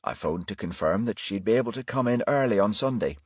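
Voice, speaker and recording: A man putting on a soft Irish pastor. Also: lowish voice, animated, brisk, breathy edge, no echo, studio quality. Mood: gently solemn. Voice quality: soft, solemn.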